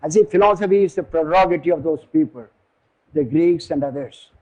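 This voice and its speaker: Husky older Indian man lecturing. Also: fairly high pitch, warm tone, highs cut off. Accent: Indian English. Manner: digressive, halting, searches for words. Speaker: philosophy lecturer.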